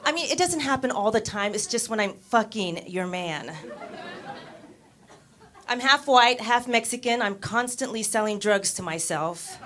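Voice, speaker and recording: A young woman with a slightly high voice performs stand-up into a handheld mic on a comedy club stage. She delivers her punchlines deadpan and slips into voices for the people in her stories. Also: unhurried, a faint crowd, slight background noise.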